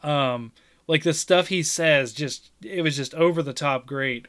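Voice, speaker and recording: Brief: talkative man, fairly high bright voice, loose rambling chat with big laughs. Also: a little slow, clear, resonant tone. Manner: rambling, laughs loudly, restarts often; mimics game voices in retelling. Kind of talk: casual chat.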